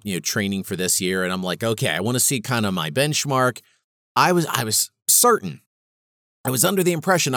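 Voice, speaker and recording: A man's voice: fairly low pitch, a bit bright, no room sound, clean studio sound. A man hosting his own show, telling a story in a casual, self-mocking monologue. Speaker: podcast host.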